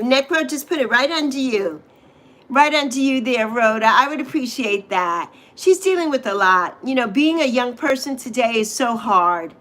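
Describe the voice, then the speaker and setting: Woman, high-pitched, middle-aged, from the Virgin Islands, rambling livestream host, greets chat by name. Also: fairly bright tone, rough recording.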